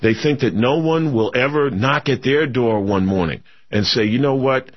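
A man's voice: mid-range voice, expressive, normal speed, slightly rough. A man co-hosting a political talk radio show, speaking in a casual, opinionated way with frequent fillers and restarts. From United States. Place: radio studio. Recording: lo-fi broadcast radio recording.

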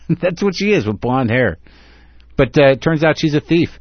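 A man's voice: on the high side, animated, a little slow, muffled recording. A man hosting a radio talk show, rambling in a sarcastic, casual way with lots of restarts.

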